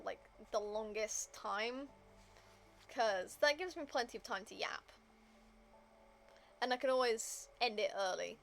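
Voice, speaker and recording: A woman's voice: medium pitch, creaky, a little hiss or hum. A woman game streamer chatting casually to her viewers, rambling with lots of fillers.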